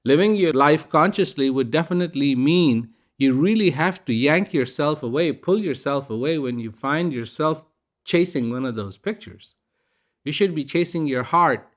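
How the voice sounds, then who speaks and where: A man giving a casual, reflective spiritual talk, telling a parable in a gentle storytelling manner. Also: on the high side, expressive, moderate pace. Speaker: speaker giving a reflective message.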